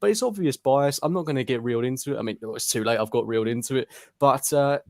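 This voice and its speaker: A man's voice: medium pitch, quick pace, no room sound. Opinionated man, dry close sound. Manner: exasperated, opinionated. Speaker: podcast co-host. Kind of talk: casual football chat.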